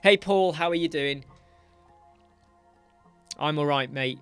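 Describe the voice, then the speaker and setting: A man's voice: fairly high pitch, slow pace, a bit bright, clean tone, faint music behind. A man, chatting casually on a livestream while he works, ranting about clients. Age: 40s. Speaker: web designer livestream host.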